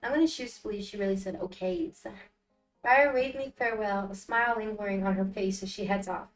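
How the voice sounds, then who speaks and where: A woman's voice: mid-range voice, a little fast, recorded from a distance, soft background music. Playful young woman streamer, roomy sound. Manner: playful, dramatic asides. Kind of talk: game playthrough with reading aloud.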